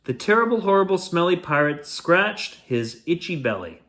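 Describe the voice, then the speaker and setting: A man's voice: high voice, very animated, normal speed, fairly bright tone. A Canadian man hosting a bedtime story reading, chatty with playful asides. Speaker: storyteller host.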